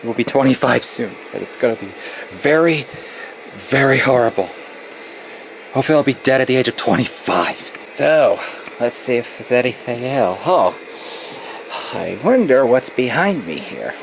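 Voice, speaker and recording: A man in his twenties records a casual vlog in a closet at home, gloomy and nostalgic, swearing often as he complains. His medium-pitched voice is creaky, with big pitch swings and a moderate pace. The home recording is noisy.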